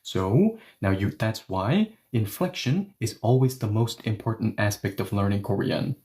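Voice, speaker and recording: A man's voice: fairly low pitch, lively intonation, measured pace, warm tone. A man teaching a language lesson online, explaining points emphatically and repeating example phrases.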